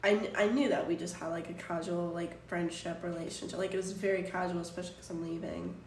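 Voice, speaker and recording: A woman's voice: lowish voice, steady tone, quick pace, a little mellow. A woman in her twenties, a streamer, telling a long story in casual chat, full of fillers and restarts. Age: 20s. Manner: rambling, filler-heavy storytelling. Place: apartment room. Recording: roomy distant mic, faint room noise.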